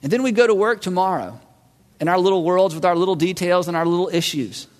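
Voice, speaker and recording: Man, pastor, lively sermon, acts out voices, very high pitch, long hall echo. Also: fast. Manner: animated, acts out voices of listeners and God. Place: large church hall.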